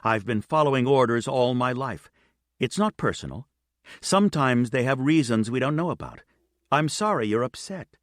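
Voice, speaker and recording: A man voicing a patient, steady female airline captain who speaks quietly and kindly. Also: lowish voice, normal speed, no echo, clean studio sound. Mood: calm.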